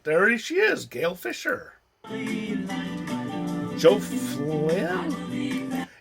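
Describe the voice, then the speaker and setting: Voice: mid-range voice, wildly swooping pitch, extremely slow, vocal fry, over music. A person chatting casually while watching an old film, naming the actors on screen in a hesitant, musing way. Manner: hesitant, musing, often trailing off. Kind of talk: casual watch-along commentary. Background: faint film soundtrack.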